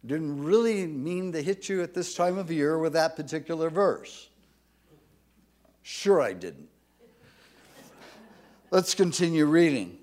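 Reading scripture aloud, the pastor's voice swells loudly, part of an emphatic sermon marked by a few halting restarts. His pitch is fairly high and his intonation lively.

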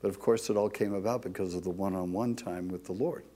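A man preaching a sermon, speaking slowly and emphatically, with passages that drop to a soft, confessional tone. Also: sits low, fairly even intonation.

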